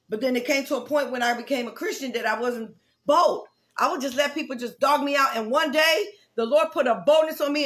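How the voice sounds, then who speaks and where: High-voiced woman pastor, fervent preaching. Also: fairly bright tone. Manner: fervent, repetitive preaching with conversational asides. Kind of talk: prayer meeting sermon.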